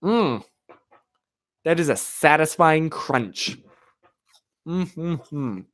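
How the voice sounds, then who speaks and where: With a slightly high, a bit bright, animated voice, a man talks very slowly on a live stream from a chilly room. He rambles, uses "like" often, and answers chat directly on his streaming mic.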